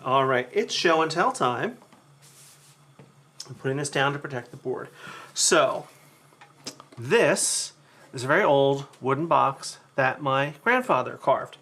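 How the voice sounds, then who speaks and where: A man's voice: mid-range voice, expressive, takes it slowly, long pauses, fairly bright tone. A man hosting a live cooking demo, talking chattily to his viewers while he cooks. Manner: chatty storyteller who talks to the chat. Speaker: cooking show host.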